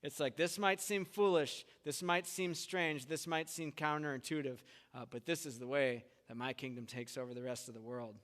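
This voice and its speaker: A man with a slightly high voice preaches a sermon in a church hall with long reverb. He talks in a casual, conversational way and acts out the voices of the people in his stories. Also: moderate pace, few pauses. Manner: conversational, animated retellings with acted quotes. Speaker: pastor. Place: church sanctuary.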